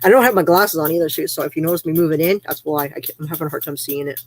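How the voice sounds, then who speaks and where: A woman's voice: deep voice, very fast, a little hiss or hum. A woman hosting a casual livestream, chatting loosely, reading viewer comments aloud and laughing easily. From Canada. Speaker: livestream host.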